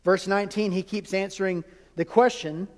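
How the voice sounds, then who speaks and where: A man preaching a sermon as a pastor, emphatic, with rhetorical questions and dramatic pauses. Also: high voice, fairly even intonation. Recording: long hall reverb.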